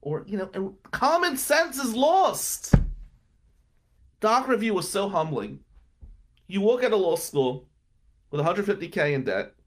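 His pitch swings widely and he speaks a little slowly, pausing often, as this thirtysomething trial attorney from Atlantic City profanely recounts his hard start in law. In this frank interview monologue he shifts between quiet, subdued moments and loud, heated outbursts.

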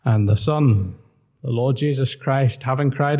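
A man's voice: medium pitch, a little slow, darkish tone. A man preaching an earnest, emphatic gospel sermon and quoting old-style scripture.

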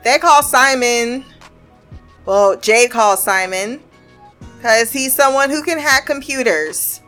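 A woman's voice: on the high side, slow, fairly bright tone, faint music behind. A woman giving a casual, blunt and sarcastic review of a TV show, swearing freely as she recaps the episode.

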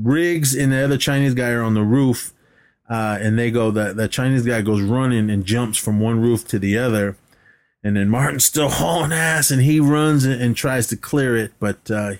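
A man's voice: medium pitch, normal speed. A man co-hosting a podcast, casually recapping a movie scene by scene, swearing freely and acting out lines from it. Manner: animated retelling with acted-out quotes, swears freely, laughs often. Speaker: podcast co-host.

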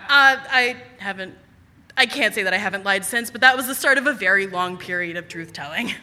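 A young adult woman telling a personal story on stage, animated and self-mocking with quick asides. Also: medium pitch, noisy background. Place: stage at a live storytelling event. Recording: reverberant hall.

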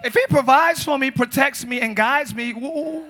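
Man preaching, very high voice, sharp bright tone, animated, joking, shouting bursts. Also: moderate pace, faint music behind, some chatter behind. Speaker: pastor. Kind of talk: lively preached sermon. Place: church service. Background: congregation responding.

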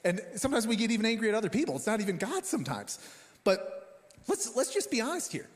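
This pastor, a man in his thirties, has a high voice and speaks fast. Animated and conversational, he addresses the congregation directly, sharing personal stories in a sermon recorded in a reverberant church hall.

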